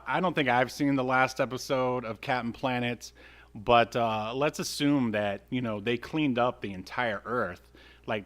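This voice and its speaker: A man's voice: mid-range voice, fairly bright tone. Chatty podcast guy, lots of fillers. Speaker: podcast co-host. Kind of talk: casual chat about a cartoon.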